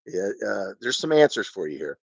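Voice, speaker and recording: A man's voice: lowish voice, very animated, normal speed, creaky, no echo, lo-fi sound. A man in his fifties hosting a live fan stream, ranting and rambling with lots of rhetorical questions. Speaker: fan channel host. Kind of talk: live-stream sports rant.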